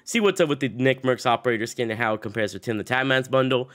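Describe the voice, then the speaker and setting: A man's voice: mid-range voice, quick pace, a bit bright. Young man with a sick voice, upbeat. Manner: upbeat, rambling with fillers. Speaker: gaming YouTuber. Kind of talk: casual gaming commentary.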